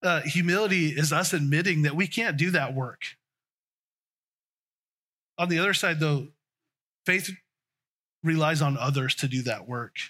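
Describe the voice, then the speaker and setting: A man's voice: on the high side, measured pace, long pauses, bright, forceful tone. A man preaching a conversational sermon, often restarting and trailing off mid-sentence.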